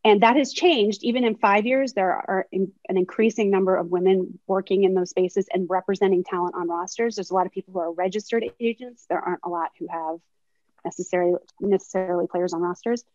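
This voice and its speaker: A woman's voice: mid-range voice, steady tone, fairly quick, darkish tone, no echo. A woman in her thirties speaks as a guest on a webinar panel, recounting her career in a candid, reflective way. Her audio comes over a video call and sounds dry and slightly dull, with no room around it. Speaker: sports agent, panel guest. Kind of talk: webinar conversation, storytelling.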